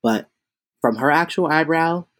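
A man who performs as a drag queen, telling chatty, animated stories in a casual interview, with lots of fillers. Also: fairly high pitch, a little slow, no room sound.

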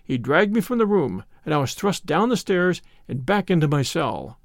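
A man narrating an audiobook in a measured, expressive storytelling way. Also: fairly high pitch, no room sound, clean studio sound.

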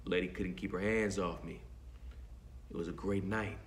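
A man's voice: steady tone, normal speed, a little hiss or hum. A man co-hosting a podcast, reading a sponsor ad in a playful, boastful, joking way. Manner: boastful, joking, plays up the pitch with mock quotes. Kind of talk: playful ad read.

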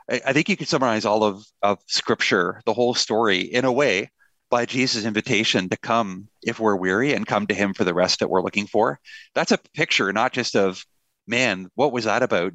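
Low-voiced man, pastor guest, earnest and thoughtful, dry close recording. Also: a little fast, sharp tone, no echo. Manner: earnest, thoughtful, with self-deprecating humor. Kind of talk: conversational interview.

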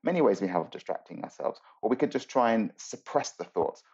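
A man speaks as a podcast guest, his voice low and mellow. He explains earnestly and thoughtfully, pausing and restarting as he works through ideas. The audio sounds slightly dull and muffled. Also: lively intonation, husky. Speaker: guest, mindfulness teacher.

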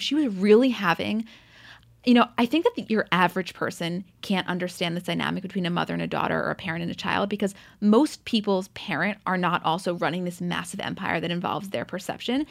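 A woman's voice: fairly low pitch, brisk, vocal fry, no echo. A woman co-hosting a podcast, chatting casually as she recaps a reality show and acts out quotes with swearing. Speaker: podcast co-host.

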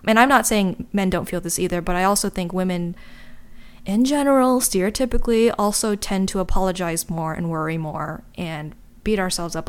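A woman hosting a casual video chat, speaking frankly and drifting into side notes. Her voice is smooth and clear, pitched in an ordinary middle range. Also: moderate pace. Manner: candid, chatty, wandering asides.

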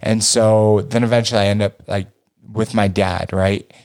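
A man telling a personal story in a casual chat, animated and profane, his voice jumping up when he acts out his younger self. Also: fairly low pitch, normal speed.

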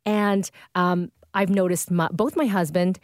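A woman's voice: fairly low pitch, steady tone, measured pace, dry recording. Casting: woman co-host, candid and self-deprecating, dry studio sound. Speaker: talk show co-host. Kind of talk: casual chat.

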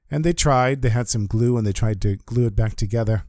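A man telling a story in an earnest, animated way. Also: mid-range voice, a little fast, no room sound, clean studio sound. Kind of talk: spoken storytelling.

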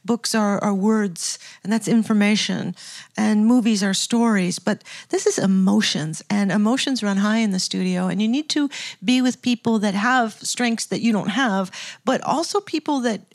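An older woman talking in an interview, telling stories in a reflective, chatty way with frequent laughs and restarts. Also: mid-range voice. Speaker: guest, record producer turned scientist. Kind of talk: casual interview storytelling.

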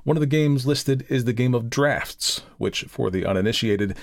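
A man from the United States hosting a podcast, chatting casually and then reading a classic story in a measured voice. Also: mid-range voice, gravelly, no room sound, clean studio sound. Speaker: podcast host and narrator.

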